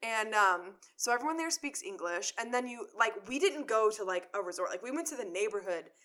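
Chatty young woman, bright and forward voice, rambling storyteller. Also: mid-range voice, lively intonation, brisk. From Chicago area. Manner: chatty storyteller, many "like" fillers, acts out quotes. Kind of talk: casual chat.

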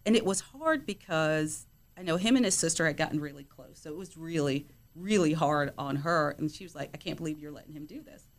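Fairly quick and low-pitched, a middle-aged woman appears as a guest on a casual podcast, sharing warm stories about her son, whom she raised as a player's mother. She leans heavily on "you know" as a filler.

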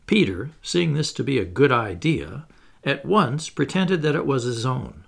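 Gravelly man reading a storybook aloud. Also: medium pitch, animated, measured pace. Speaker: audiobook reader. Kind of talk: storybook narration.

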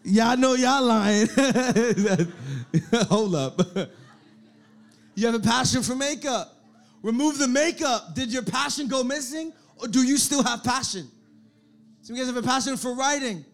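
A man with a high voice delivers a lively sermon to a young crowd. He repeats his phrases, builds up to loud calls for the room to answer, and keeps the tone casual and direct. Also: a little slow. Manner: energetic, repetitive, calls for audience response. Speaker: young adult pastor.

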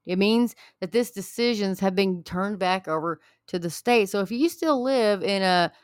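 A woman's voice: mid-range voice, moderate pace, clean tone, no room sound. Woman, angry rant, preachy, repetitive, heated, dry close sound. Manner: heated, preachy, repeats herself. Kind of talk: angry political rant to viewers.

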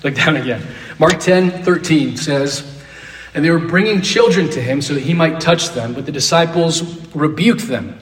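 A man leading an interactive Bible lesson, asking the class questions and repeating key phrases. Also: on the high side. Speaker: Bible teacher. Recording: roomy echo, distant mic.

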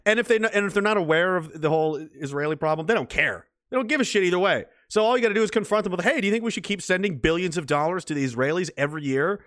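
A man's voice: high-pitched, animated, very fast, few pauses, a bit bright, no room sound, studio quality. A middle-aged man hosting a casual livestream, reading out chat messages and rambling in a profane, mocking way, with frequent laughs.

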